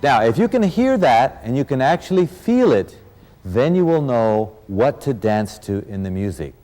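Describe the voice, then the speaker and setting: A man's voice: medium pitch, big pitch swings, normal speed, dark tone, long reverb tail. A man teaching a dance lesson as an instructor, counting beats aloud and encouraging his students. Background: rumba music.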